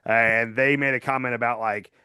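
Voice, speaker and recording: A man co-hosting a political podcast, talking casually and acting out quotes in a lively way. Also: mid-range voice, clear, resonant tone, no echo, studio quality. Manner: animated, quick to act out quotes. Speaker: podcast co-host.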